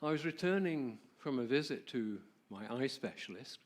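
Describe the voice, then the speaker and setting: A man presenting at a church, telling a personal story in a warm, conversational way and asking the audience questions. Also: mid-range voice, animated, normal speed. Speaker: marriage ministry presenter.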